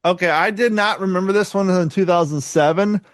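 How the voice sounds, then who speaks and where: A man's voice: sits high, a little fast, dry recording. Man from Kentucky, rambling podcast talk. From Kentucky, USA. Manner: rambling, laughs often, swears casually. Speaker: podcast co-host. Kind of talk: casual podcast chat.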